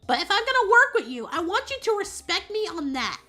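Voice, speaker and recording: A woman streamer chatting casually and telling a story in an animated, rambling way. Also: extremely high pitch, brisk, faint music behind. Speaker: VTuber streamer.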